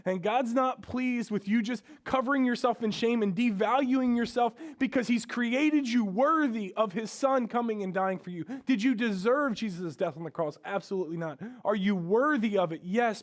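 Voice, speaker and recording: A male pastor delivering a sermon in a conversational, everyday way. His voice sits a bit high for a man. He drops to hushed, quiet lines, then rises into emphatic, louder stretches. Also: moderate pace, hardly any pauses. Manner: conversational preaching, swings between hushed and emphatic.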